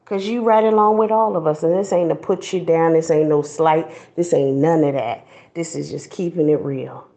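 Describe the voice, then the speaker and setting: A woman's voice: low voice, fairly even intonation, moderate pace, hardly any pauses, warm tone. A woman host giving a blunt, preachy commentary monologue, mocking others in put-on voices.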